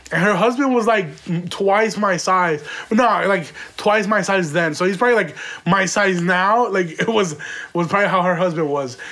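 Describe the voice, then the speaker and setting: A man with a high voice spins a comic story from his own life. He rambles, swears freely and stacks up "like" fillers in an animated, slangy delivery. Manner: rambling, profane, with many "like" fillers. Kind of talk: comedic storytelling.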